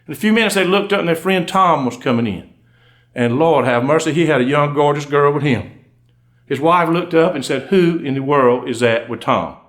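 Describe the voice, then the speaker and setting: A man's voice: on the high side, brisk, fairly bright tone. A man with a Georgia accent telling comic stories on stage before a live audience, in a folksy drawl with asides to the crowd. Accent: Southern US, Georgia. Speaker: undertaker and storyteller.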